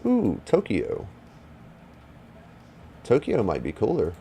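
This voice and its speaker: A man's voice: on the low side, wildly swooping pitch, slow pace, gravelly, dark tone, a little hiss or hum. A man, streaming from home, rambles and swears as he chats casually with viewers. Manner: rambling, profane, talks back to viewers. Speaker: livestreamer. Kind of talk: casual livestream chat.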